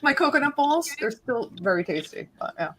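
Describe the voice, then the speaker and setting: A woman's voice: sits high, big pitch swings, a little fast, a bit bright, slight background noise, poor audio. A woman hosting a casual live-stream chat on a video call from home, bubbly and giggly as she chats while cooking. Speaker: host of a live stream hangout.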